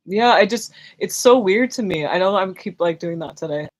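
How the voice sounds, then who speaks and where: A woman's voice: medium pitch, lively intonation, moderate pace. A young woman hosting a live spiritual Q&A stream, rambling casually with lots of fillers, restarts and giggles. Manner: chatty, self-conscious, many fillers and restarts, giggly. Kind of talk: casual rambling livestream chat.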